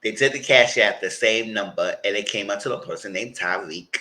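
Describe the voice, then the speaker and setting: A man with a New York accent giving a casual, animated recap of a TV episode and acting out what people said. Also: on the low side, fairly quick, rough recording. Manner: animated storyteller, acts out quotes. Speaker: TV show reviewer.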